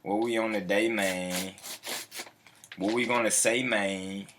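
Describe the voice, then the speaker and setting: Low-voiced man greeting his livestream viewers. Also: steady tone, slow pace, background noise. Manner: slangy, repeats catchphrases, shouts out viewers by name. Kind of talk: casual livestream chat.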